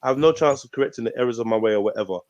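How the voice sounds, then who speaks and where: A man's voice: medium pitch, rapid-fire, darkish tone, no echo, highs cut off. A man hosting an online panel, dismissive and slangy in an argument. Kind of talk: heated live-stream argument.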